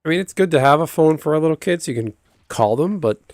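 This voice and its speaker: A man's voice: fairly high pitch, lively intonation, fast talker, a little mellow, no echo. A man chatting casually on a livestream, rambling and answering viewers' chat aloud. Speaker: live streamer.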